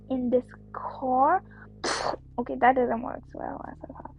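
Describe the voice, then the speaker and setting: A woman chatting casually over her gameplay, rambling, slipping into whispers and breaking into sudden excited outbursts. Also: high-pitched, measured pace, gravelly, slightly rough. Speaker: gameplay streamer. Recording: dull lo-fi dry recording.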